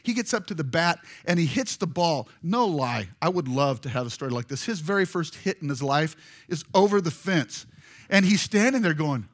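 A man preaching a storytelling sermon, animated and jokey, acting out voices as he goes. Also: a little high, normal speed. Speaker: pastor.

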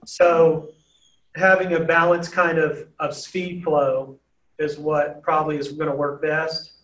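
A man's voice: on the high side, flat delivery, takes it slowly, a bit bright. A man speaking as a student, asking hesitant questions about his reading. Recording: echoey room, distant from mic.

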